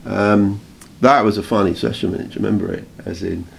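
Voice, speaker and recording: A man with an English accent, co-hosting a radio show and telling anecdotes in a casual, animated way with frequent laughs. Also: fairly low pitch, fairly quick, gravelly, breathy edge. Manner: storytelling, animated, laughs often. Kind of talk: casual reminiscing chat.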